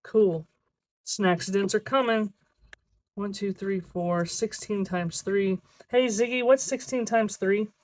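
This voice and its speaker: A budgeting video creator in a casual vlog, talking to themself while counting cash aloud, sometimes slipping into a drawn-out sing-song cadence. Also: mid-range voice, fairly even intonation, darkish tone. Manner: chatty self-talk, counting money aloud.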